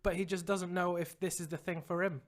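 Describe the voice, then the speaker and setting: A man's voice: sits high, little pitch movement, a little fast. A young man co-hosting a podcast in casual chat, teasing his co-host and laughing often.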